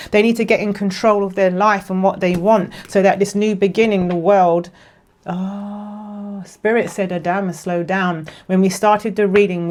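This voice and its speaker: Woman tarot reader, casual and rambling, emotional, laughs easily, mid-pitched voice. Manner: chatty and rambling, with many fillers and restarts. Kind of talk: casual tarot reading to camera.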